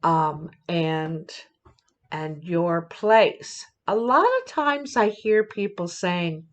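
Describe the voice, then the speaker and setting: Woman, tarot reader, lowish voice, very slow, rambling. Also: big pitch swings. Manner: unhurried, rambling, with fillers. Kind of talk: casual tarot reading.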